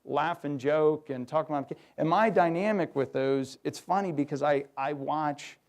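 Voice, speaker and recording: A middle-aged man giving a lively workshop talk to an audience, acting out quoted voices. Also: fairly high pitch, unhurried. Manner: animated, acts out quoted voices. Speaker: workshop speaker. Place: hotel conference room.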